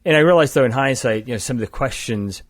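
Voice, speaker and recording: A fast-talking older man from the eastern United States, guest on a podcast and founder of a climbing gear company, tells a long, matter-of-fact story in an expressive mid-range voice. He is indoors across a table, and the recording is dry and clean studio sound.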